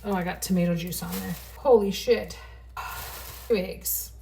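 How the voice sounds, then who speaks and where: A woman's voice: lowish voice, normal speed, creaky, mellow, far from the mic. Chatty woman cooking at home. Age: middle-aged. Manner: chatty, swearing freely, talking to camera while cooking. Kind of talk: casual kitchen vlog chat. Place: home kitchen. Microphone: phone on a tripod. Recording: phone mic from across the kitchen with background noise.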